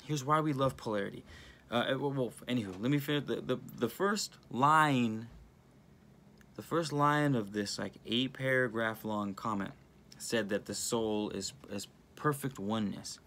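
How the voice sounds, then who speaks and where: A man talks straight into his phone camera, excitable and rambling as he works through a viewer's comment. He restarts sentences constantly and drifts off on tangents. His pitch sits right in the middle for a man. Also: moderate pace, a little hiss or hum. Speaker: channel host. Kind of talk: casual spiritual talk filmed on phone.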